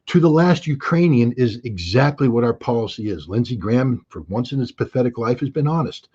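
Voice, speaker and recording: Here is a middle-aged American man talking politics with a husky, breathy edge and a blunt, sarcastic bite. His audio comes through dull and lo-fi, like a remote interview link. He keeps slipping into mocking quotes of other people. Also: mid-range voice, warm tone. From United States. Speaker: interview guest, commentator. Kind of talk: heated political commentary.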